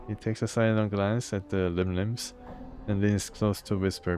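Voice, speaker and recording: A man's voice: fairly low pitch, steady tone, moderate pace, darkish tone, faint music behind. A man casually playing through a video game, reading its text aloud and chatting about it. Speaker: gamer.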